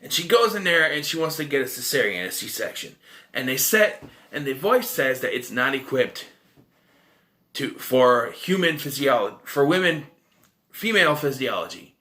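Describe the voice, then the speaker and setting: With a medium, sing-song voice that sounds pushed and bright, the man keeps a moderate pace. He's reviewing a movie informally, rambling through the plot, catching his own mistakes, and making wry side comments.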